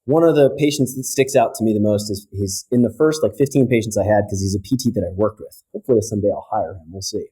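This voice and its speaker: A man, a physiotherapist guest on a podcast, explaining breathing in an energetic, casual way and often checking in with "right?". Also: fairly low pitch, fast talker, hardly any pauses, husky. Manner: energetic, keeps tagging points with "right?".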